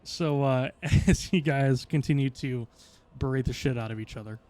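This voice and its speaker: A man's voice: medium pitch, normal speed, darkish tone. A man narrating a tabletop game as game master, describing scenes in a rambling way full of fillers.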